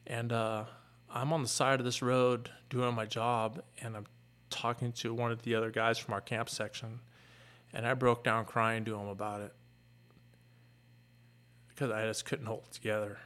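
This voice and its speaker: A middle-aged man, a fire captain, earnestly retelling a painful personal story in a candid, halting way. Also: medium pitch, level tone, fairly bright tone.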